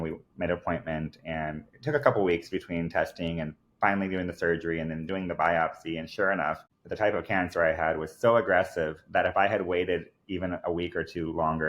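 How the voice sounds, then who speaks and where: Low-set and a bit bright, this man's voice carries fairly even intonation at a fairly quick clip with hardly any pauses. He is a podcast guest telling a personal story, earnest and emphatic, full of "like" and "I kid you not."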